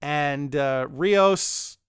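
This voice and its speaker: A man's voice: on the high side, very slow, clean tone, no echo, clean studio sound. A man hosting a podcast, casually reviewing a TV episode, rambling, chuckling and acting out the characters' lines. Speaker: podcast host.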